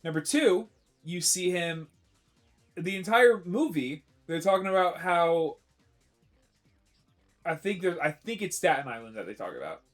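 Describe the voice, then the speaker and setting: A man's voice: on the high side, sing-song, a little slow, pauses often, soft background music. A man on a live stream, chatting casually in an opinionated, rambling way and often correcting himself mid-sentence.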